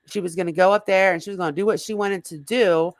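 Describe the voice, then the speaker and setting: A slightly hoarse woman hosting a casual livestream, rambling and greeting viewers in the chat by name. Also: fairly low pitch, fairly even intonation, quick pace, no echo. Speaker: livestream host.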